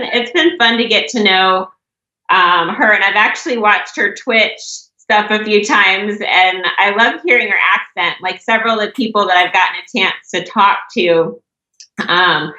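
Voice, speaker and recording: A woman's voice: mid-range voice, pushed and bright. A woman guest on a podcast, chatting with enthusiasm and plenty of fillers. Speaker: podcast guest, stroke survivor. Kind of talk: casual chat. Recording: roomy, dull lo-fi sound.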